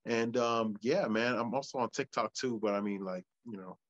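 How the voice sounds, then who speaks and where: Male interview guest, mid pitch, hesitant, lots of ums, dull dry sound. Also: normal speed, a bit bright, no echo. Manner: hesitant, filler-heavy, laid-back. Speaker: guest wrestler. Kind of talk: casual interview chat.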